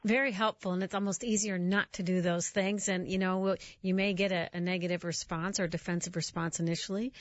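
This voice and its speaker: A woman's voice: on the low side, fairly even intonation, no room sound. A woman hosting a radio talk show, interviewing a guest in a conversational way and laughing easily. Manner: warm conversational, quick to laugh. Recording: muffled radio broadcast audio.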